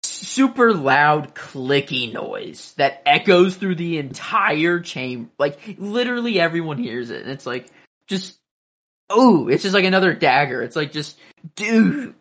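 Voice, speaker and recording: A man co-hosting a casual podcast, speculating about a TV show in a halting way full of filler words. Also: a little high, big pitch swings, fairly bright tone. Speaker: podcast co-host. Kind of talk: casual TV recap chat.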